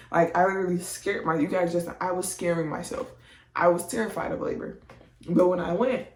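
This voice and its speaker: A woman's voice: fairly low pitch, a little mellow. Chatty woman in an echoey room. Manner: chatty, slangy, acts out her own reactions. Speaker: vlogger telling a birth story. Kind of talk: casual storytelling. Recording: echoey room, distant from mic.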